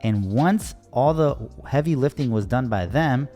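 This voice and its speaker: A young man narrates a job story in casual voice-over, sounding fed up with the delays. His voice sits at an ordinary middle pitch. Soft music plays faintly underneath. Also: lively intonation, a little slow. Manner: casual and exasperated, acts out quoted dialogue. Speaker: landscaping contractor.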